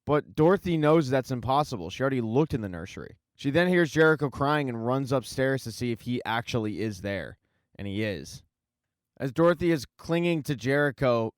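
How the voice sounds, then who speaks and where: A man's voice: medium pitch, no echo. A man narrating a casual TV show recap with wry, dry asides. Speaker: TV recap host.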